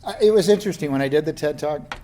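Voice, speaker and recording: Male panelist from New Mexico, a fairly high-voiced storyteller who laughs and mimics the people he quotes. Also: fast, dark tone, slight background noise.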